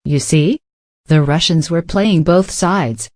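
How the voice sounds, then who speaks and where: A man's voice: fairly high pitch, slow, darkish tone, dry recording. A man from Africa hosting a late-night comedy show, delivering a scripted monologue and playing the dry, incredulous straight man.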